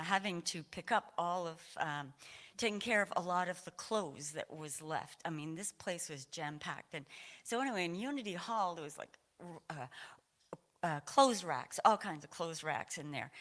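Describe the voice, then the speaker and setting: A woman's voice: fairly low pitch, a bit bright. Rambling, emotional woman sharing at church. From Maine, USA. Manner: rambling, many fillers and restarts, laughs often. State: emotional, a little teary. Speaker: congregant sharing a personal story. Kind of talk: informal testimony at a church service. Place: church sanctuary.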